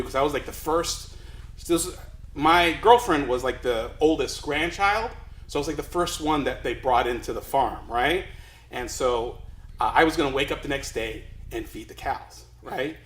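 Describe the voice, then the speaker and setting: Male storyteller, self-deprecating, rambling live comic delivery; high-ish bright voice, echoey room. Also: normal speed. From Los Angeles, USA.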